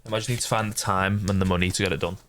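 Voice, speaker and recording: A young man casually chatting with his stream viewers while playing a game, often swearing and yelling at the characters on screen. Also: low voice, steady tone, racing, a little hiss or hum. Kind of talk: casual gameplay chat with viewers.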